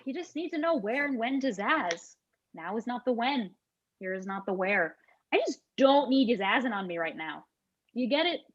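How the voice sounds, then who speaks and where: A woman's voice: fairly high pitch, animated, moderate pace, lo-fi sound. A young actress playing an earnest young woman terrified of chimpanzees, speaking in an overly formal, dramatic manner. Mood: chiding. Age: young adult. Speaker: actor in a student comedy sketch. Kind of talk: stage comedy dialogue.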